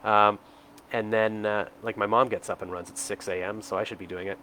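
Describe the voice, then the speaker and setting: A man's voice: lowish voice, fairly even intonation, fairly quick, sharp tone, a little hiss or hum. A man in his forties talking to the camera from home in a rambling, hesitant, self-reflective way. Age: 40s. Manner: rambling, hesitant, full of fillers. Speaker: vlogger. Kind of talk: casual self-reflective monologue.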